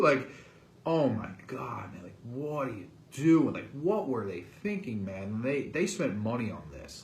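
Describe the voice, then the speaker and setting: A man hosting a casual movie review, ranting in an animated, incredulous way and leaning on "like" and "man". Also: fairly low pitch, roomy sound. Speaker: host.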